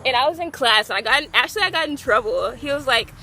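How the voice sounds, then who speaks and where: A young woman chats through a rambling vlog story with a high, bright voice that leaps all over the place. She packs her sentences with "like" and breaks into excited squeals. A faint hum of noise sits behind her. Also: quick pace. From Gulf Coast of Texas. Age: young adult. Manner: chatty and rambling, heavy use of "like"; excitable, bursts into loud squeals. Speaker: vlogger.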